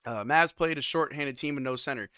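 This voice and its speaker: A man hosting a live watch-along stream, calling plays and reacting loudly with hype shouts on big moments. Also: mid-range voice, a little fast, clean tone, no room sound, clean studio sound. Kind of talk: excited live game commentary.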